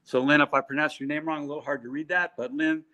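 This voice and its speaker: A man's voice: a little high, fairly even intonation, quick pace, bright, forceful tone, a little hiss or hum. A middle-aged man co-hosting a live stream, reading out names in a casual, joking way with lots of fillers. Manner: chatty, joking, many fillers. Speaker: co-host reading out purse makers' names.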